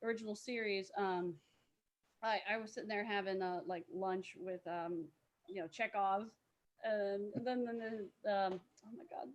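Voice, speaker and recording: A woman's voice: mid-range voice, fairly even intonation, moderate pace. A woman telling rambling con stories in a casual podcast chat, with many fillers and frequent laughs. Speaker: podcast guest, cosplayer.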